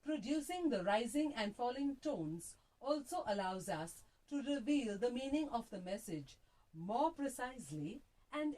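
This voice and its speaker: A woman reading a language lesson aloud in a deliberate, sing-song way, recorded in a small radio prerecording room. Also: on the high side, dark tone. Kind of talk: slow, carefully read-aloud lesson on punctuation and intonation. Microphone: phone test broadcast.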